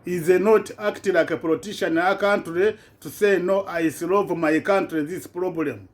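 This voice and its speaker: A man's voice: sits high, fairly even intonation, moderate pace. A man giving an impassioned political rant in broken, non-native English, repeating himself with indignation. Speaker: vlogger.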